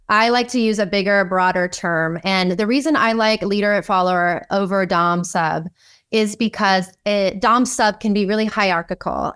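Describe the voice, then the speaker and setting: A woman guest on a podcast, telling a lively anecdote in conversation, with frequent "like" and "um". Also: medium pitch, smooth. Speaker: guest, kink educator. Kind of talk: storytelling in conversation.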